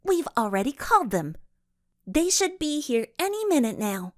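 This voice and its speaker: Woman playing a wry girl sleuth, high and dry-witted, lively. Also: moderate pace, no room sound.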